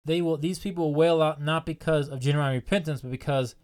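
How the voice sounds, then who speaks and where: A man delivers a sermon in a fairly high voice. He presses his listeners with earnest, repeated questions and leans hard on the key points. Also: steady tone, fairly quick, darkish tone, clean tone. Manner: earnest, repetitive rhetorical questions. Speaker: preacher.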